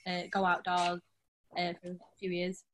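A young woman being interviewed as a guest, relaxed and a bit hesitant, often trailing off softly. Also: lowish voice, moderate pace. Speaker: guest, outdoor brand founder. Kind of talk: casual interview.

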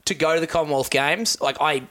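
A man's voice: on the high side, brisk, bright, forceful tone. A man, a weightlifter, telling stories and chatting casually on a podcast, laughing often and slipping into mock voices. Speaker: weightlifter guest.

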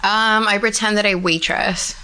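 A woman's voice: medium pitch, fairly even intonation, normal speed, sharp tone, clean tone. Blunt, swearing young woman. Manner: blunt, profane and sarcastic. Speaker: guest. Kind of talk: casual chat.

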